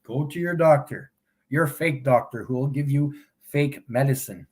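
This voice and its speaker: A man hosting a live stream, taunting his chat in a mocking tone and laughing often. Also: medium pitch. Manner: slow, drawn-out delivery with big swings in loudness. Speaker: livestream host.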